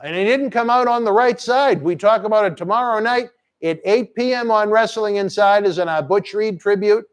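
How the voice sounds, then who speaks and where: A high-voiced man hosts a live chat stream with brash energy. He plugs upcoming shows in quick promotional patter and slips into crude teasing. His tone is loud and playful. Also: smooth. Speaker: host.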